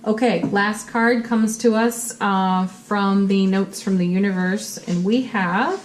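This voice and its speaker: A woman's voice: medium pitch, slow. A woman giving a monthly tarot reading to her viewers in an upbeat, encouraging way, full of spiritual phrasing. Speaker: tarot reader.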